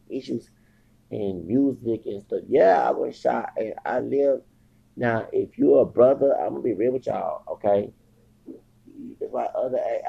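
Man in his forties, heavy gravelly fry, husky, rambling podcast talk with Spanish slipped in, dull lo-fi sound. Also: medium pitch, mellow. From Houston, Texas. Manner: rambling, switches into Spanish, frequent fillers. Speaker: podcast host. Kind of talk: casual monologue. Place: at home, near the kitchen.

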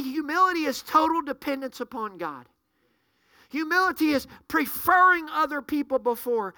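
A man's voice: extremely high pitch, sharp tone, no room sound, studio quality. A man preaching a sermon, fervent and full of rhetorical questions to the congregation.

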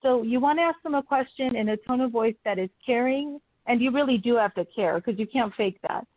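A woman with a fairly high voice gives coaching advice in an interview, laughing often as she acts out the questions to ask. Her voice comes through a tinny, phone-like line. The sound is dry. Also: fairly quick, no echo. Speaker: guest coach. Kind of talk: interview conversation.

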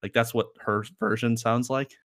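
A man's voice: medium pitch, steady tone, moderate pace, fairly bright tone. A man co-hosting a casual music podcast, rambling and joking as he reviews songs. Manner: rambling, joking, laughs often. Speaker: podcast co-host.

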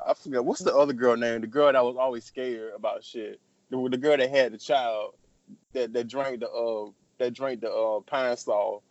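A man's voice: mid-range voice, fairly even intonation, moderate pace, no echo. A young man in casual chat as a podcast co-host, rambling through stories and often repeating words as he restarts. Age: young adult. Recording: dull lo-fi sound.

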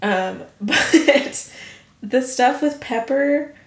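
Animated young woman chatting, echoey room. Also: sits high, drawn-out words. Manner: animated, swearing, laughing often. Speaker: podcast co-host. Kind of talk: casual chat.

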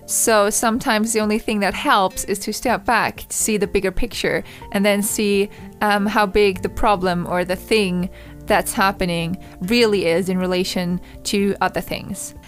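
A young woman from Austria, a native German speaker, hosting a solo podcast in a reflective, gently chatty way. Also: medium pitch, fairly even intonation, moderate pace, soft background music. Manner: reflective, gently chatty, laughs between thoughts. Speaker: podcast host.

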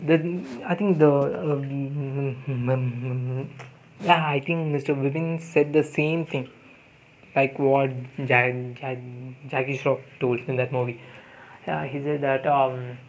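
A young man with an Indian English accent tells a casual story in a middle-pitched voice, stumbling over fillers and restarting his sentences often. A faint hum sits behind him. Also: darkish tone, poor audio. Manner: hesitant, many fillers and restarts. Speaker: podcast host.

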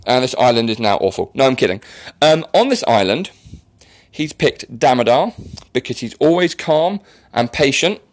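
A man's voice: mid-range voice, expressive, normal speed, no echo. A young man hosting a podcast in casual chat, joking and teasing his guest, often poking fun at himself. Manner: joking, self-mocking, teasing. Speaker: podcast host.

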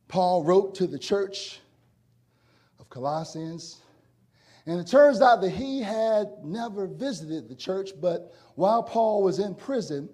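A pastor delivers his sermon in a husky, fairly high voice. He spins a folksy story and then builds into loud, emphatic preaching. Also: expressive, slow.

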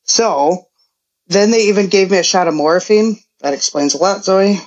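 A woman's voice: mid-range voice, fairly quick, darkish tone, highs cut off. A middle-aged woman, a podcast guest, telling a long story in casual chat, chatty and often laughing. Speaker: podcast guest, mother of a co-host.

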